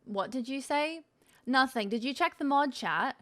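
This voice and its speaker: A woman's voice: sits high, expressive, moderate pace, fairly bright tone. A woman streamer chatting casually with her viewers, playful, laughing often and swearing freely. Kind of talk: casual live-stream chat.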